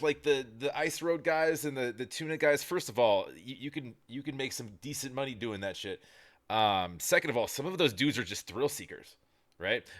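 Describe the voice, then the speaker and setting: A man's voice: mid-range voice, fairly bright tone. A man hosting a reaction video, chatting casually and thinking aloud with fillers.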